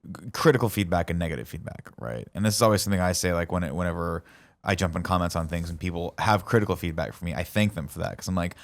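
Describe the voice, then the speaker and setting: A man with a lowish voice in casual podcast chat. He talks quickly and makes his points earnestly, pressing on them with emphasis. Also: vocal fry. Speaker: podcast co-host.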